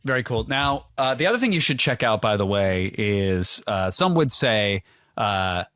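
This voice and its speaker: A man co-hosts a podcast in easy, teasing banter. His pitch swings widely as he talks. The sound is close and dry, with no room around it. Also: lively intonation, normal speed, a bit bright, dry recording. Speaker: podcast co-host. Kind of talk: casual chat.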